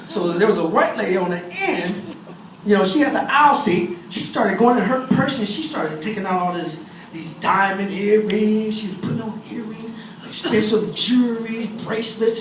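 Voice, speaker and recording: A man's voice: high-pitched, sing-song, fairly quick. A male stand-up comedian spins rambling jokes, stumbling and restarting as he goes. His voice swoops up and down, picked up from a distance. The room is echoey and noisy. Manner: rambling storytelling with restarts and laughs. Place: comedy venue with live audience. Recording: echoey room recorded from far off.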